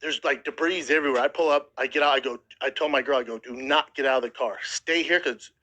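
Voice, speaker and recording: A thirtysomething male podcast host with a mid-range voice talks fast on a low-quality recording. Emotional and sometimes near tears, he animatedly retells a harrowing story, swearing casually and acting out what people said.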